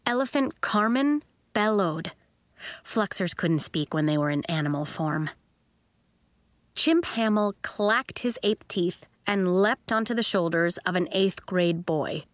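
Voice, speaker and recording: With a lowish voice and a slightly slow pace, a woman narrates a children's audiobook expressively, giving every character a distinct voice. The recording has no room sound.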